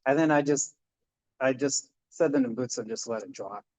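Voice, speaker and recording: A man's voice: medium pitch, normal speed, darkish tone. A man, a Buddhist minister, giving an informal dharma talk in a chatty storytelling way, with many fillers and restarts. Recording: dull lo-fi sound.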